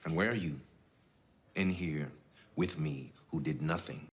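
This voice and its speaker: A dignified grown man from a film drama, scolding his cellmate. He has an extremely deep voice and a measured, cutting delivery, full of disapproval. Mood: stern, scolding.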